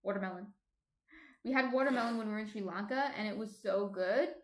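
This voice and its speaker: A woman's voice: on the high side, fast. Chatty New Jersey woman in a roomy room. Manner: chatty, laughs often, reads out chat messages. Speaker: stream host, baker. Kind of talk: casual live-stream chat. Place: home apartment. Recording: roomy echo.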